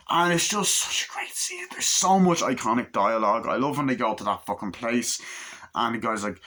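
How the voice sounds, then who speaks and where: A young man in his twenties chats about a film in a loose, rambling and excited way, dropping swear words into nearly every sentence. His voice sits on the low side but sounds bright and forceful. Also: brisk. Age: 20s. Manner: rambling, enthusiastic, heavy swearing. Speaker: movie reviewer. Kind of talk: casual chat.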